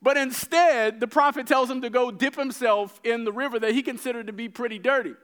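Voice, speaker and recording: A man preaching a sermon, retelling scripture stories with lively acted-out dialogue and frequent repeated words. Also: very high voice, brisk, clean tone. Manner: animated storytelling, acting out characters' lines.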